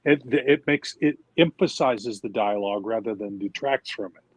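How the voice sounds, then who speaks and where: Husky, dry-voiced older comics writer, man. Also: on the low side, moderate pace, no echo. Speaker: veteran comics writer on a panel.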